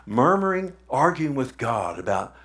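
A man's voice: mid-range voice, very animated, a little slow, fairly bright tone. A man preaching a sermon in a conversational way, asking the congregation questions and repeating words for emphasis. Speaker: pastor.

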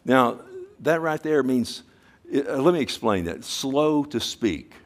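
A middle-aged man preaches a sermon in an ordinary mid-range voice. He talks with his congregation in a conversational way and keeps asking them questions. He slows down to lean on phrases from scripture. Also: medium pitch, expressive. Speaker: pastor.

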